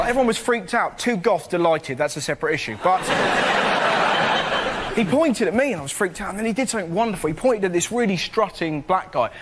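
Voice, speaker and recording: A young man telling comic stories on a panel show, full of animated shrieking impressions, in a TV studio with a live audience. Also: high voice, moderate pace. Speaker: comedian panellist. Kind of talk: stand-up comedy routine. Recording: loud noisy studio recording.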